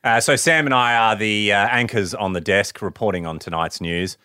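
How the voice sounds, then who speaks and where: A man's voice: lowish voice, moderate pace, sharp tone, smooth, no echo, studio quality. A man, co-hosting a podcast and teasing his friends in casual banter. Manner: teasing, laughs often. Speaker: podcast co-host.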